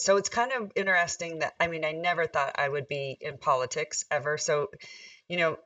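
Woman mayor, crisp bright voice, chatty and upbeat, dry dull distant recording. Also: low-pitched, fairly quick, no room sound. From Nevada, USA. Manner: chatty and upbeat, laughs often. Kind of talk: casual interview chat.

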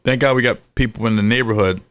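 A middle-aged man telling lively, profane stories in a casual podcast chat, jumping his pitch up for quoted voices. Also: quick pace, clean tone. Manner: animated storyteller, swearing, jumps high for quoted voices. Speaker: podcast co-host.

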